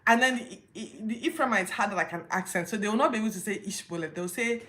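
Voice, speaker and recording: A woman's voice: on the high side, brisk, pushed and bright. A woman hosting a Bible podcast, retelling scripture casually with incredulous rhetorical questions. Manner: informal retelling with restarts.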